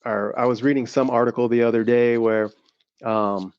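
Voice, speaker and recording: A man's voice: medium pitch, steady tone, moderate pace, darkish tone, smooth, dry recording. Southern-accented male co-host, rambling chatty delivery, muffled lo-fi recording. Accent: Southern American. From American South. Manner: rambling, many fillers and restarts. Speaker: podcast co-host. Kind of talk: casual podcast conversation. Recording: dull lo-fi sound.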